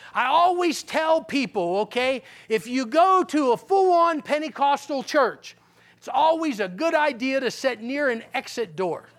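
A man from Pennsylvania telling his testimony in a sermon, folksy and animated, checking in with "okay?" and swinging from loud punchlines to low, grave lines. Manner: folksy, talks straight to the audience with "okay?". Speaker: guest speaker giving a testimony.

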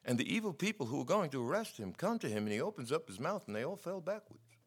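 A middle-aged man preaching a sermon, telling stories in a wry, skeptical, animated way. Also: medium pitch, very fast, breathy edge.

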